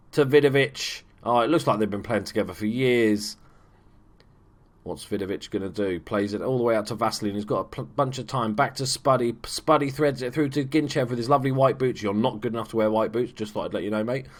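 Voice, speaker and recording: A man giving casual, chatty commentary over a football management game, swearing freely and bursting into shouts at big moments. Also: lowish voice. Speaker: gaming YouTuber. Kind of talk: casual let's play commentary.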